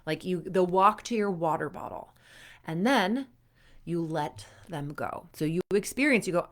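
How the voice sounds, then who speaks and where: A woman's voice: lowish voice, normal speed. A young adult woman coaching athletes in a casual, chatty way, full of fillers and acted-out inner thoughts. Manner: chatty, frequent "like" fillers, acts out inner voices. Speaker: performance coach.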